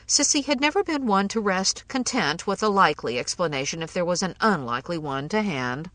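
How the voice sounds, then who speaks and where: A woman narrating a first-person ghost story in a measured, wry way. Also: lowish voice, animated, fairly bright tone, dry recording, far from the mic, rough recording.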